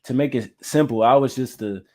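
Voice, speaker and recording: A man from Florida, a music artist interviewed as a guest, telling his own story in a reflective, measured and candid way. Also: mid-range voice, darkish tone.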